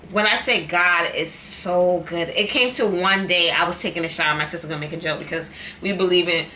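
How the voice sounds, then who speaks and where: Her voice is on the low side and sharp as this young adult vlogger eats and chats casually. She speaks candidly, repeating things for emphasis, over a little hiss or hum.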